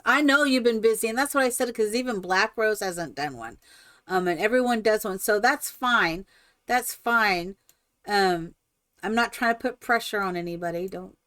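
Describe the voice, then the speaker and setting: Excitable, gushing woman streamer. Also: mid-range voice, normal speed, dry recording, clean studio sound. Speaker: streamer host. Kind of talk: live-stream chat while building in a game.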